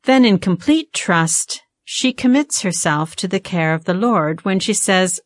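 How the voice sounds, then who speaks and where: A woman guest teaching on a Bible passage in a measured, explanatory way with frequent ums and uhs. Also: medium pitch, lively intonation, no room sound, clean studio sound. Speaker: guest theologian.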